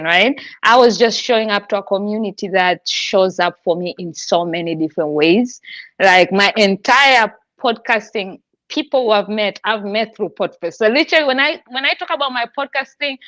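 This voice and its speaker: A woman's voice: medium pitch, a bit bright, no echo. A woman hosting a podcast, talking in an effusive, heartfelt way and laughing often. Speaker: podcast host. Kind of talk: emotional casual chat.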